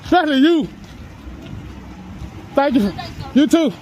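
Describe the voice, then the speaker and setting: A man's voice: extremely high pitch, expressive, a little slow, a little mellow, slight background noise, low-quality recording. A man filming police from a public sidewalk, talking in a brash, taunting, swearing way and laughing often. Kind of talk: casual street talk.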